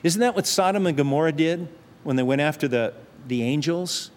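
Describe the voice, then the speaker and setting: A man's voice: a little high, moderate pace. A man preaching a sermon in an earnest, conversational way, often restarting his sentences. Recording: long reverb hall.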